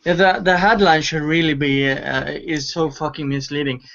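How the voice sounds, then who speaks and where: A man's voice: on the high side, fairly even intonation, moderate pace, vocal fry, fairly bright tone. A man in casual chat reading out text, exasperated and swearing, over a muffled voice chat with faint noise.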